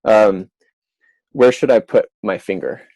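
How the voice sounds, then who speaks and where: A man's voice: on the low side, slow, vocal fry, a little mellow, no echo, rough recording. A man co-hosting a podcast over a video call, playful and explaining step by step. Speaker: podcast co-host.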